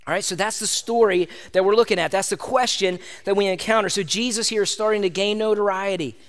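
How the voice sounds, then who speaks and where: High-voiced animated preacher man. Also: brisk. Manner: conversational and animated, addresses listeners as "gang". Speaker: pastor. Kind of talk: sermon.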